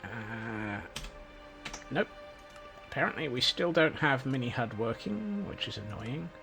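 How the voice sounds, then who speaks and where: A man's voice: mid-range voice, lively intonation, measured pace, vocal fry. A Scottish man streaming a game, rambling casually and cracking self-mocking jokes. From Scotland. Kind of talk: casual gameplay commentary. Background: faint background music.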